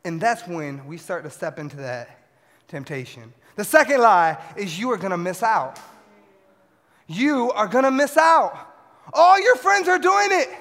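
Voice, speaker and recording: A young man preaching a sermon to a youth audience in an animated way, swinging between loud shouts and quiet asides. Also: extremely high pitch. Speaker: youth pastor. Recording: long hall reverb.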